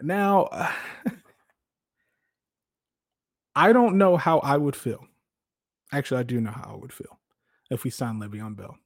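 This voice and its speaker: A man hosting a casual sports talk show, animated, laughing often and restarting his sentences. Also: mid-range voice, a little slow, pauses often. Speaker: podcast host.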